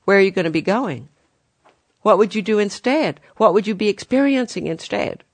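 Spiritual teacher, gentle guiding delivery, mid-pitched voice, dry and close recording. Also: animated, normal speed, no room sound. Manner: gentle, guiding, addresses listeners as "dear ones".

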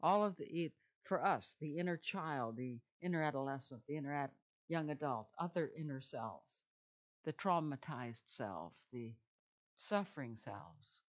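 A woman leads a guided meditation in a gentle, soothing voice. She speaks very slowly and repeats her phrases, and her voice sits a little low. The recording sounds dull and lo-fi. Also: lively intonation. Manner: slow, soothing, repetitive phrasing.

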